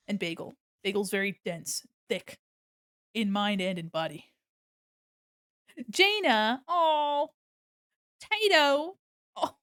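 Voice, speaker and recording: A woman's voice: mid-range voice, fairly bright tone, no room sound, clean studio sound. A woman streamer chatting casually while she draws, giggly and gushing, breaking into laughter often. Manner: gushing and affectionate. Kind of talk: casual livestream chat while drawing.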